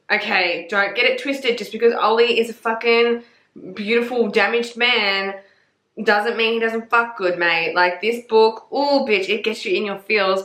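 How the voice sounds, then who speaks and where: A woman's voice: medium pitch, sharp tone. A young woman casually reviewing books on her vlog, gushing and emphatic, with frequent swearing. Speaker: book reviewer. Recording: echoey room.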